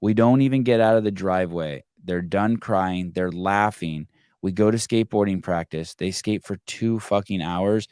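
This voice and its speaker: A man in his forties hosts a call-in podcast, telling blunt, profane stories in casual conversation. His voice is low and darkish with a clean tone, recorded at a moderate pace in a clean studio with no echo.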